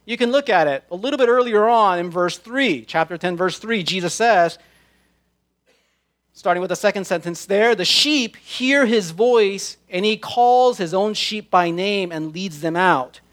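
A man with a notably high voice delivers a sermon. He preaches in an emphatic way and draws out the scripture he quotes, one deliberate phrase at a time. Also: expressive, a bit bright. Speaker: pastor.

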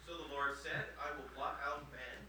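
A man in a study group reading scripture aloud, quickly and quietly. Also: mid-range voice, steady tone, crowd noise. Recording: echoey room, far from mic, people murmuring.

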